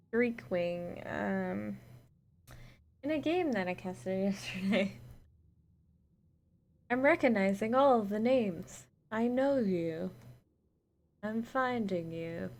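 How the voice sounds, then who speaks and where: A woman casting a gaming tournament live, chatting with viewers and thanking them between matches. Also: mid-range voice. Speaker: esports caster. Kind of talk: solo live-stream casting between games.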